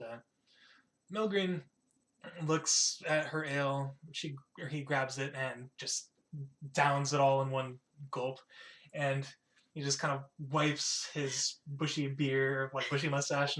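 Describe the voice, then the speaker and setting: A man's voice: mid-range voice, fairly even intonation, a little slow, fairly bright tone, low-quality recording. A man narrating as game master, laid-back storyteller.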